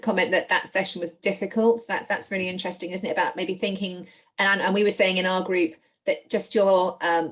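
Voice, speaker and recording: A woman co-hosting an online session, reporting back from the chat and her group in a thoughtful, hesitant way. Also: lowish voice. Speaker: co-host minding the chat.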